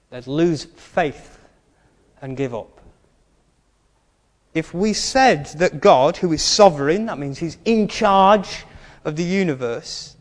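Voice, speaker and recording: A man's voice: on the high side, in a large hall. A male preacher giving a sermon in an earnest way, stressing his key points and adding wry asides.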